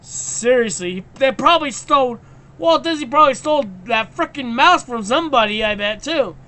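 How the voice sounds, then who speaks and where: A man hosting a live stream and ranting excitably in casual chat, stammering and restarting his sentences. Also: extremely high pitch, a little fast.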